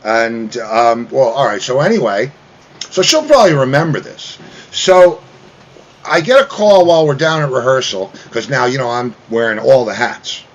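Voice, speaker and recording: A man telling a long story in casual chat, animated, mimicking other people with loud raised voices. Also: medium pitch, normal speed, muffled recording. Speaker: guest musician.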